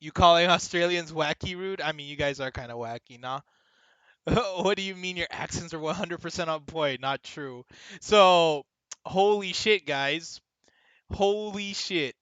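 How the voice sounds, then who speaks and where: Young male streamer, somewhat high pitched, excitable casual chat with viewers, heavy swearing. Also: measured pace, smooth, no echo.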